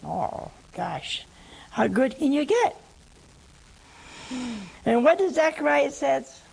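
A woman's voice: high voice, very animated, slow pace, creaky, darkish tone, rough recording. A woman preaching a humorous teaching sermon, teasing and chatty as she talks straight to her listeners.

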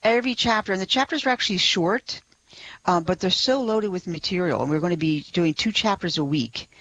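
A woman who is a guest on a radio talk show, explaining her subject with warm enthusiasm and soft laughs. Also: lowish voice, fairly quick, highs cut off. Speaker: radio guest, blog writer. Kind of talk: radio interview.

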